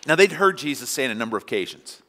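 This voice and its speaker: Racing along in an expressive, mid-range voice with a sharp tone, the pastor preaches conversationally and acts out small scenes for his congregation. The church sanctuary adds long hall reverb.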